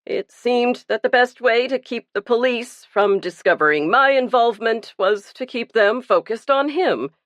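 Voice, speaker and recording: A woman's voice: on the high side, a little slow, hardly any pauses, no echo, pitched above the performer's own voice, natural voice. A woman reading the part of a guilt-ridden, burly male pastor who confesses earnestly and pleads for himself. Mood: pleading.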